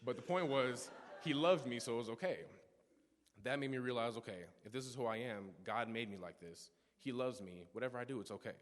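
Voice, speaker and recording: A man's voice: mid-range voice, fairly quick. Young man's earnest church testimony, reverberant. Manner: earnest storytelling with frequent restarts and asides. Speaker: youth speaker giving a testimony. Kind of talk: personal testimony talk in church worship. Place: church sanctuary.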